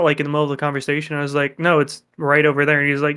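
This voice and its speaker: Young male podcast co-host, fairly high voice, animated storyteller with plenty of swearing. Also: rapid-fire, hardly any pauses, clean tone. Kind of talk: casual chat.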